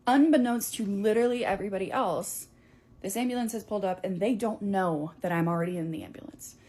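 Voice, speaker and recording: Young woman, casual animated storytelling voice, mid pitch. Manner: animated, chatty, filler-heavy.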